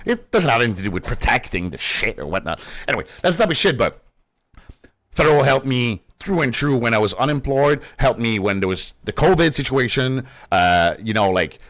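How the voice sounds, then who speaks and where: Young male streamer, heated and foul-mouthed, very animated delivery, close dry sound. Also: medium pitch, fairly quick, dry recording. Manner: passionate, profane, animated. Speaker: gaming streamer. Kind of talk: casual ranting commentary.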